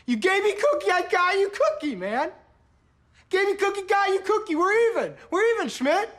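A man's voice: extremely high pitch, very animated, moderate pace, fairly bright tone, heavily acted. An awkward, rambling young guy. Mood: exasperated rant. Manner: rambling, repeats himself and says "man" a lot. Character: awkward, gruff young man fumbling to show affection. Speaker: sitcom character. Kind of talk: sitcom acting.

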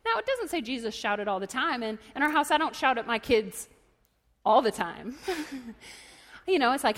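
A woman delivers a sermon in a high, bright register, spinning stories and popping into character voices. Her words carry a long reverb from a large church hall. She moves between quiet asides and sudden shouts. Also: normal speed. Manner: animated storytelling, acts out voices and shouts. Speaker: preacher.

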